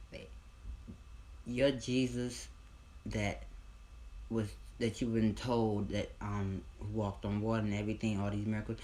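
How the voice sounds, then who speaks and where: A man telling a casual storytime, rambling and repeating himself, with loud bursts of excited disbelief. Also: lowish voice.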